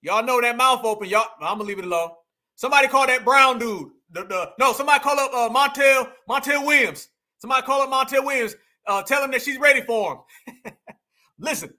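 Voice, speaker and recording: Loud animated man reacting to clips. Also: extremely high pitch, a little fast. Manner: animated, scolding, heavy slang. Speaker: commentary host.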